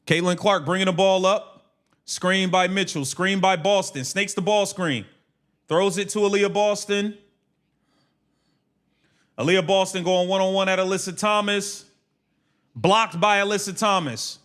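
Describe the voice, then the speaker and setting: A high-pitched man, steady and smooth with a fairly bright tone, does casual play-by-play on a livestream. His calls are rapid and clipped, and he brashly mocks the players while cursing.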